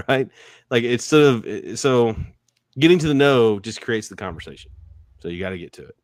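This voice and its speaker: Energetic man telling sales stories. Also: mid-range voice, moderate pace, pauses often, no room sound, studio quality. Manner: energetic storyteller, acts out quoted voices, laughs often. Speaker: guest, sales and negotiation expert. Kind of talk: animated podcast interview.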